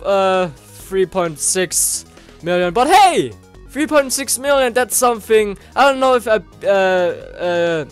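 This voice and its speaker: Young male gaming host: high, swooping voice, freaks out and yells at the game, rambles when he talks to viewers. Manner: excitable, yelling and swearing at the game. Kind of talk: let's play commentary. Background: game music and sounds.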